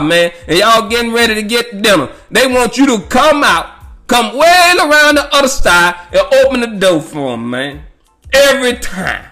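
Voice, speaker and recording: A man's voice: high voice, bright, forceful tone. A man telling a rambling, profane story in a casual monologue, laughing often and leaning on fillers.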